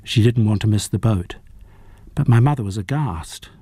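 Man reading a novel, warm low voice. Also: moderate pace, husky, no echo. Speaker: narrator. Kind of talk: audiobook reading.

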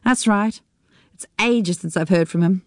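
A woman's voice: mid-range voice, measured pace, no room sound, studio quality, lightly acted. A woman reading a story on the radio, voicing a despairing widow who is tearful and wry. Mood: bitter wry. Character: despairing widow Jackie, weepy and bitter.

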